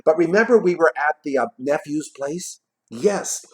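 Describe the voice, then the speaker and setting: A man casually retelling a classic story in a vlog, tossing in jokey asides and trailing off quietly at the ends of his thoughts. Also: on the high side, lively intonation, normal speed. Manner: chatty, jokey, adds asides while retelling. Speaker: vlogger reading a classic novel aloud.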